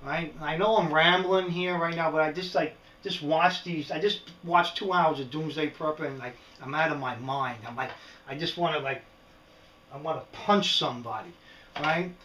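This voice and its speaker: A rambling, animated man with a New York accent, his voice pitched a little high. He sits back from the mic in a roomy space with a clear echo. He is a middle-aged vlogger on a casual rant. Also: normal speed, distant mic, a little hiss or hum. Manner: animated, rambling, frequent "right?" asides. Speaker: prepping vlogger. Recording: echoey room, speaker away from the mic.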